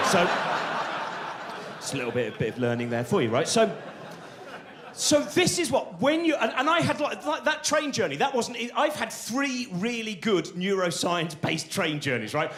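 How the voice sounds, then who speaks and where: A man doing live stand-up on a theatre stage, telling rambling, excitable stories that keep interrupting themselves. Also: high-pitched, moderate pace. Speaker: stand-up comedian.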